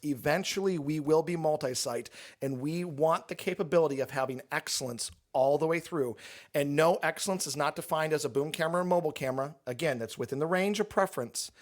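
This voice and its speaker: Pastor, male, higher-pitched, candid, explains at length in a casual Q&A. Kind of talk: casual church Q&A talk.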